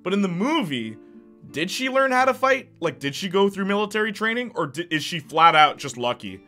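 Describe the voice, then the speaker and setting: A young man chats with his stream audience in a bright, slightly high voice. He talks animatedly, trips over repeated words and laughs a lot between remarks. Soft music plays quietly behind him. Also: very animated, a little fast. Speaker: live streamer. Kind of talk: casual live-stream chat.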